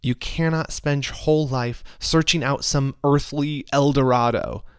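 Animated, self-mocking man with a dry sound. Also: medium pitch, a little slow, clear, resonant tone, no echo. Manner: animated, self-mocking storyteller, turns earnest and preachy. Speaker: speaker sharing life lessons. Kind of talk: casual reflective talk with faith lessons.

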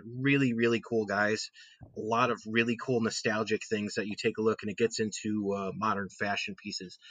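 Brief: husky male host, mid pitch, eager fan chat on a dry close mic. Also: fairly bright tone, no room sound. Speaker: podcast host. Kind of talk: casual chat.

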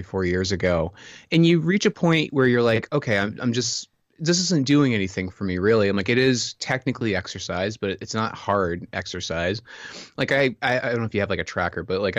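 A man's voice: on the low side, no room sound, lo-fi sound. A man chatting casually, telling stories with lots of filler words and laughs. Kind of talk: casual chat.

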